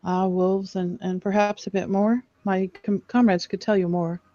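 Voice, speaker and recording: A woman's voice: medium pitch, flat delivery, moderate pace, warm tone, no echo, natural voice. A woman voicing a small, sneaky, friendly female hobbit in a tabletop game, in dull, dry audio.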